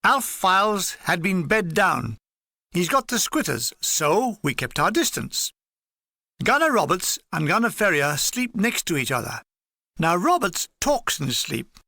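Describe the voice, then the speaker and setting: A man's voice: high voice, big pitch swings, unhurried, creaky, sharp tone, no room sound. A man reading his own war memoir as an audiobook, with a dry, wry comic delivery. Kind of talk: audiobook narration.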